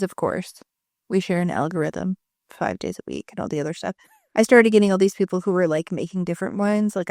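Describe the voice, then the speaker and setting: In this casual podcast chat, a female co-host in her thirties spins stories conversationally and leans heavily on filler words. Her medium-pitched voice has a slightly mellow quality. It's clean studio sound without any echo.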